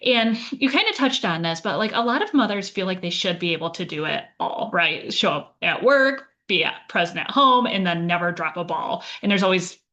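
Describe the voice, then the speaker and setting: A woman's voice: on the low side, very animated, normal speed, hardly any pauses, pushed and bright. A woman hosting an interview podcast, affirming her guest and then posing questions in an encouraging way. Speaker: podcast host. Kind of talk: conversational interview.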